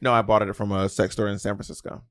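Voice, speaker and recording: Fast-talking teasing man. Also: lowish voice, flat delivery, no room sound, studio quality. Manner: teasing, joking, talks with hands. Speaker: podcast co-host. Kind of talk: casual chat.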